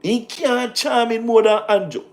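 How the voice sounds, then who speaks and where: A man with a Jamaican accent, talking about politics on a casual livestream, animated and repetitive, mixing patois in. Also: very high voice, a little slow, gravelly.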